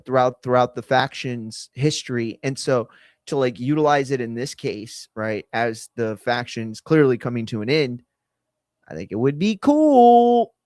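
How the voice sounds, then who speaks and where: A man talks through a live broadcast in loose, rambling commentary. He keeps stopping to correct himself and circles back to his points. His voice sits at a middling pitch and sounds close and dry, with no room echo. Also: a little mellow. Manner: rambling, self-correcting, conversational. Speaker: host. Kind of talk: live watch-along commentary.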